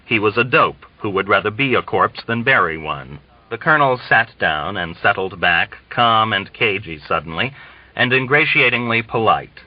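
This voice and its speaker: A man reading a novel aloud in measured, scripted narration. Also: lowish voice, animated, no echo, muffled recording. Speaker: audiobook reader.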